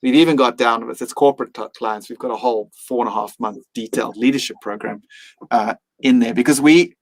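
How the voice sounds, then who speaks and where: A man's voice: medium pitch, fairly quick, rough recording. A man speaking as a podcast guest, reflective and earnest, sometimes acting out his own inner voice. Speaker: mindfulness teacher and guest.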